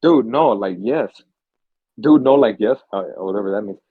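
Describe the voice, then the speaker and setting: A man's voice: lowish voice, normal speed, phone-quality sound. A young man co-hosting a podcast, chatting casually and telling stories with lots of swearing, acting out the screams and gasps. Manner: animated storyteller, swears freely, acts out screams and gasps. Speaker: podcast co-host. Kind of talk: casual chat.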